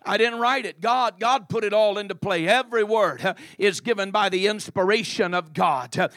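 A man preaching a sermon in a very high, piercing voice, opening almost every phrase with "uh" and punctuating with "amen". The sound is close and dry, with no room echo. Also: normal speed, a bit bright. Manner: chanted preaching cadence, starting phrases with "uh" and ending with "amen".

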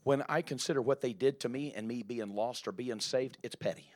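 A man's voice: medium pitch, fairly quick. Emphatic man preaching a sermon. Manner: emphatic, building to loud rising exclamations.

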